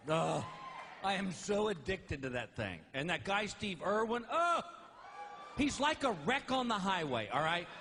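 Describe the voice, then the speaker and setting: A man doing stand-up comedy, telling animated stories with exasperated outbursts. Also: high voice, slight background noise.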